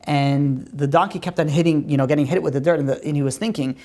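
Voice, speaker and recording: A woman teaching a religious class and telling stories in a conversational way. Her pitch rises on emphatic questions. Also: fast, warm tone.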